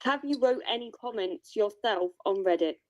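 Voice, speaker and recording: A woman's voice: mid-range voice, lively intonation, normal speed, lo-fi sound. A woman hosting casual livestream commentary, blunt and confrontational, swearing freely. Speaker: livestream host.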